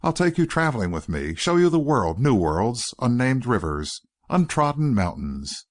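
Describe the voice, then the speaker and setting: A man reading an audiobook voices an earnest, courteous young gentleman who pleads politely and persistently. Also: medium pitch, sing-song, moderate pace, lightly acted.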